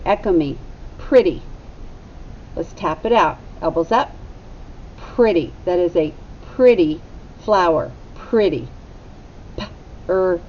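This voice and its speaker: Slow, soft-toned woman teaching phonics. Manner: slow, deliberate, sounding out letters. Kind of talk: phonics lesson for young children. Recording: slightly dull recording with faint rumble.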